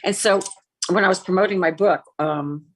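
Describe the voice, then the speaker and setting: A woman's voice: on the low side, moderate pace. A woman in her sixties, an actress and former TV host, telling an aggrieved personal story as an interview guest and acting out the dialogue. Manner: animated, acts out quoted dialogue; candid, aggrieved.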